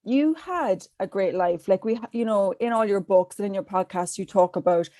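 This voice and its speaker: A woman's voice: medium pitch, moderate pace, dark tone, no room sound. A woman from Ireland interviewing the host in a casual podcast chat, asking long rambling questions. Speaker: guest interviewer.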